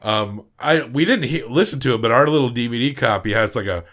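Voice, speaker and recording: A man hosting a film podcast, recapping and rating movies in a relaxed, rambling way with many fillers. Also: mid-range voice, brisk. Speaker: podcast host. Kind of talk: casual film review chat.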